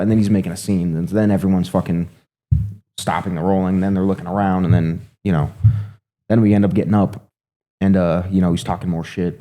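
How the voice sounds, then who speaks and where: A man's voice: deep voice, fairly even intonation, warm tone. A man telling a fight story in casual, profane talk, rambling with lots of "you know" and "right". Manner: fast, rambling, heavy swearing, filler "you know". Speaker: guest, MMA fighter.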